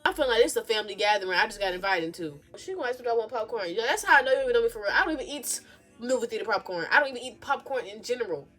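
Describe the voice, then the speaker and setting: A young woman, chatting casually as a vlogger telling a storytime, animated and sassy, swinging between loud outbursts and low mumbles. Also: very fast.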